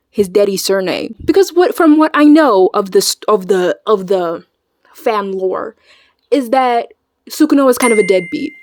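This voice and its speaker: A woman chatting casually in a reaction video, animated and slangy, swearing freely. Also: fairly high pitch, no room sound, clean studio sound. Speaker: video creator.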